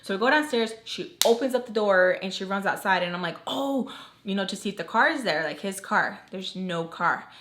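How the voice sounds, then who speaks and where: A woman's voice: mid-range voice, animated, moderate pace, fairly bright tone. Chatty young woman telling a story. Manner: chatty, heavy use of "like", acts out quoted lines. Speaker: storytime vlogger. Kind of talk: casual storytelling while doing makeup.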